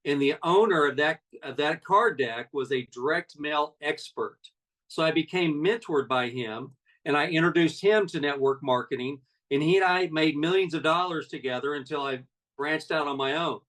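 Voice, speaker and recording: A man's voice: a little high, moderate pace, fairly bright tone, far from the mic, poor audio. A man in his sixties, a network marketing leader, giving a folksy, conversational motivational talk full of personal stories.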